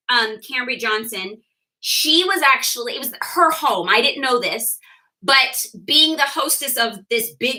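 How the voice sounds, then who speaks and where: A young woman shares her personal testimony with a team, lively and quick to laugh. Her voice sits high and sounds sharp and bright. She acts out the lines of the people in her story. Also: low-quality recording. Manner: animated storyteller, laughs often, acts out quotes. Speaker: direct sales leader sharing her story.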